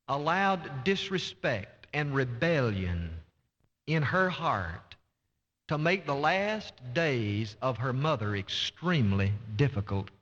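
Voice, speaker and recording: A male pastor preaching a sermon with impassioned, dramatic delivery, stretching key words slowly for emphasis. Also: medium pitch, fairly bright tone. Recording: dull lo-fi recording in a reverberant church hall.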